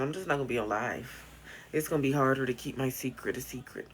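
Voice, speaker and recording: A woman livestreams casually from her bedroom on her phone, chatting loosely, bluntly and profanely while thanking viewers for gifts. Her voice is very deep and fast, with a little hiss or hum in the audio.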